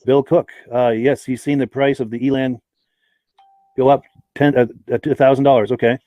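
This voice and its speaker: A man's voice: medium pitch, level tone, normal speed, dark tone, no room sound. A man hosting a live podcast, chatting and reading out viewers' names and hometowns. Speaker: podcast host. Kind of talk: live-stream podcast chat.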